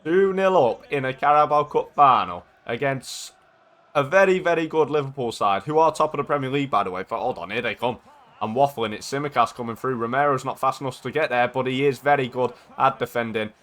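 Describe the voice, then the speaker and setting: A man giving casual, excitable commentary over his own football video game match, chatting and shouting at goals. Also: mid-range voice, fairly quick. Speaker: gaming YouTuber.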